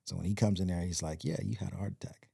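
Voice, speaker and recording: A podcast guest from Compton, California, tells a long personal story in a rambling way, acting out the quoted voices as he goes. His low voice is quick, creaky, dark and slightly rough. The sound is dry and clean, studio quality.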